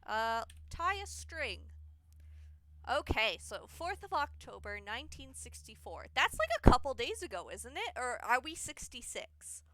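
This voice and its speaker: A woman's voice: high-pitched, sing-song, measured pace, fairly bright tone, a little hiss or hum. A young woman streaming a video game, chatting in a rambling way with fillers. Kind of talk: casual chat while playing a video game.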